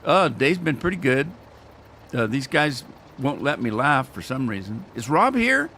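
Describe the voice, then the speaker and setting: A man's voice: medium pitch, unhurried, fairly bright tone, a little hiss or hum. A man rambling and joking his way through casual commentary while he plays a farming game. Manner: joking, rambling, self-mocking. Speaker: game streamer.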